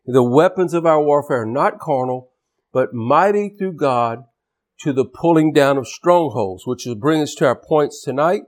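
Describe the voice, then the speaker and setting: A man's voice: on the high side, lively intonation, normal speed. A man preaching a sermon in an emphatic style, often repeating words and restarting phrases. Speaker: pastor.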